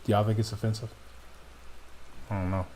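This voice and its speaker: A man's voice: lowish voice, little pitch movement, fairly quick, mellow. A man livestreaming a game, chatting casually with chat and a friend, often laughing and joking.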